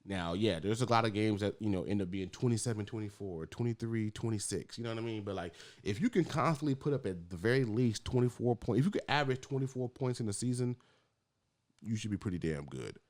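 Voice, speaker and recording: A man with a lowish voice in relaxed podcast talk, ranting about football. He gets animated, swears freely and laughs often. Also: fast talker. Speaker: podcast co-host. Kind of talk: casual sports chat.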